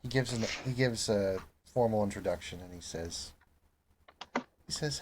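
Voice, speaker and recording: Game master guy, low voice, hesitant narrating, slight noise behind. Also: normal speed, pauses often. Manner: hesitant, lots of "kinda".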